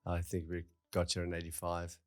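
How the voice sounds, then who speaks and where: A man in his sixties with a South African accent, a guest speaking in a measured way and pausing often to find his words in a casual podcast interview. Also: low voice, monotone, dry recording, studio quality. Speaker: guest, retail businessman.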